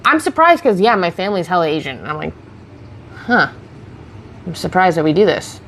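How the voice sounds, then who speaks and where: Answering viewer questions on a close streaming mic, a woman rambles casually while getting ready in a get-ready-with-me livestream. Her voice is lowish and a bit bright, with big pitch swings and a slightly fast pace. There's slight background noise.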